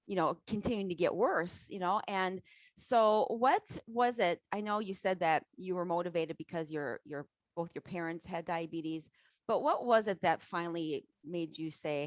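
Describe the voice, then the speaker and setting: A woman's voice: on the low side, normal speed, no echo. A woman hosting an interview, encouraging her guest and asking long, winding questions. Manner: warm and encouraging, asks long rambling questions. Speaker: host.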